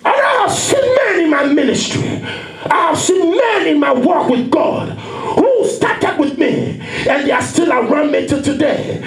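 High-pitched shouting preacher man. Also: expressive, measured pace, hardly any pauses. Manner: emphatic, repetitive, often shouting. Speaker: pastor. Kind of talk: impassioned sermon. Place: conference hall. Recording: echoey hall.

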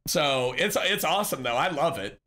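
A man chats casually on a live stream, upbeat and talkative, answering his viewers by name. His voice is slightly high for a man, with a crisp, bright edge, and he sounds animated while keeping a moderate pace.

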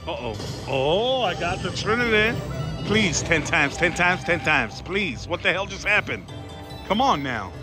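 A man vlogging at slot machines, talking to his viewers with sudden excited outbursts. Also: high-pitched, measured pace. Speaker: casino vlogger. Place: casino floor. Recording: loud music behind voice. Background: loud casino machine music.

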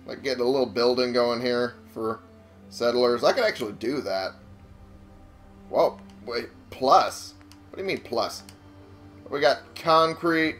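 A young man talks through a video game at an unhurried pace, rambling and cursing with frequent laughs. His voice sits at a middling pitch. Soft game music runs behind him. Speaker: let's-play gamer. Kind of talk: casual gameplay commentary.

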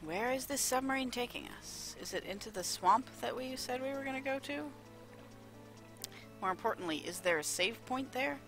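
A woman's voice: high voice, animated, normal speed, pauses often, fairly bright tone. A woman streamer giving casual, rambling gameplay commentary, full of fillers and asides, on a close desk mic. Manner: chatty, rambling, with lots of fillers. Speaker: let's play streamer. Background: faint game music.

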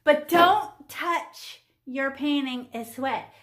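A woman's voice: high-pitched, drawn-out words, fairly bright tone, reverberant. A woman in her fifties teaching children to paint, playful and chatty, teasing the class and talking to herself as she works. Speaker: art teacher.

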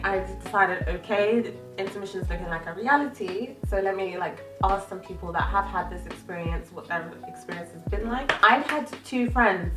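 A young woman with a crisp, bright voice talks openly about her own life, a little distant from the mic in an echoey room. Faint music plays under her. The delivery is candid and conversational. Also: medium pitch. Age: early 20s. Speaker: vlogger. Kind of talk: confessional storytelling vlog.

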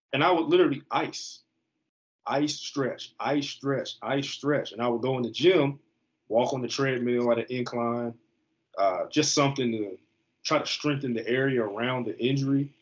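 A man in his thirties from the US East Coast, a football player telling his story as a guest on an interview show. He talks in an animated, slangy way. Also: mid-range voice. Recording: slightly muffled lo-fi recording.

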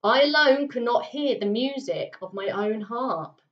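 A woman reading aloud, voicing a huge, lonely male giant who is gentle and sad, in a slow, solemn way. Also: a little high, animated. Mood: sorrowful. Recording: roomy, slightly muffled home recording.

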